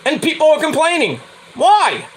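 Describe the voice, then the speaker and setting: Brash New host, blunt and swearing, animated pitch swings. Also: male voice, moderate pace, slight background noise, poor audio. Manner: profane, blunt, mocks with high whiny voices. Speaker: podcast host. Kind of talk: casual sports rant.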